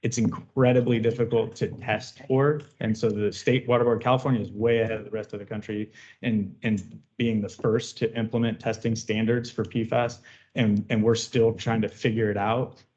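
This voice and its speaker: A man, a water district official, calmly explaining an issue at a board meeting, with some fillers and restarts. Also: lowish voice, normal speed. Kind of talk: answering public comment at a board meeting. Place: meeting room. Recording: dull lo-fi meeting audio.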